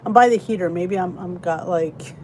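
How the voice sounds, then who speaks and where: Speaking a bit quickly in a fairly low voice, this channel host chats through a casual basement livestream by the heater. She's tired and yawning, yet she laughs frequently and welcomes viewers by name over a faint hiss or hum.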